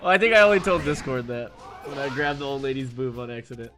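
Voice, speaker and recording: A man's voice: mid-range voice, animated, quick pace, background noise. Man in his thirties telling crude stories. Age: 30s. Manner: crude, rambling and laughing at his own stories. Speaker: streamer. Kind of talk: casual storytelling chat.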